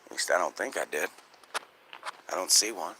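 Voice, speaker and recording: Low-voiced profane man skywatching outdoors. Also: moderate pace, a little hiss or hum. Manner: profane, excitable, talks to chat viewers. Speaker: skywatch livestream host. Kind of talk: live outdoor stream chat. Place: outdoors at night. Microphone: phone.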